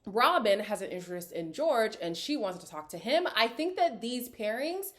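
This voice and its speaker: A woman's voice: a little high, sing-song, moderate pace, a bit bright. A woman giving casual, opinionated commentary as she recaps a reality dating show, talking straight to her viewers. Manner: opinionated, chatty, slips into quoted voices.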